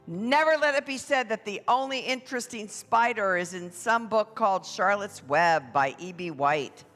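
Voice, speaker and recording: A parade announcer emceeing a church event for families in a playful, drawn-out way. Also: mid-range voice, expressive, sharp tone. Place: church hall. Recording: echoey hall with music behind.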